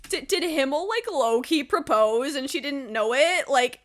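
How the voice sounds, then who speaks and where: A woman hosting an anime reaction video, talking in a casual, gushing, excitable way. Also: high voice, measured pace. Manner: gushing and excitable, with gasps and exclamations.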